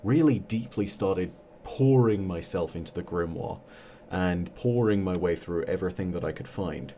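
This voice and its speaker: A man being interviewed as a guest on a podcast. He talks reflectively about how he came to storytelling, with a measured delivery and many fillers. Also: sits low, dark tone, slight background noise.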